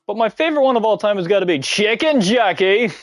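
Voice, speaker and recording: A man livestreaming a game in casual, excitable chat, giggling often and shouting catchphrases. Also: high-pitched, quick pace, dry recording, soft background music. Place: at home, mom nearby.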